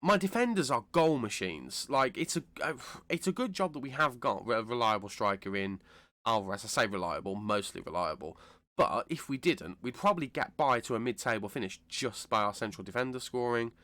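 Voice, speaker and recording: A British man hosting a gaming channel, talking through a let's-play while unwell with a cold, chatty and rambling, correcting himself and bursting into excitement. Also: mid-range voice, brisk, no echo. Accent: British English. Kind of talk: casual let's-play commentary.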